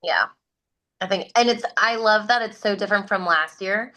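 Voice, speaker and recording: A woman co-hosting a podcast over a video call, sharing animated, enthusiastic opinions in casual chat. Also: medium pitch, moderate pace. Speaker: podcast co-host.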